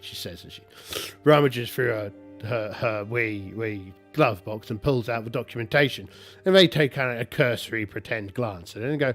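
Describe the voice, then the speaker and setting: A man narrating a solo tabletop game, talking in a halting, rambling way with many restarts. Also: medium pitch, a bit bright, soft background music.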